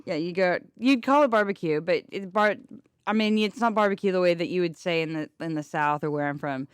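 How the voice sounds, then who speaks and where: A woman's voice: lowish voice, brisk, clear, resonant tone, no room sound. Chatty woman musician, dry studio. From Kansas, USA. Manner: chatty, self-deprecating, laughs often. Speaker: musician guest. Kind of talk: casual radio interview.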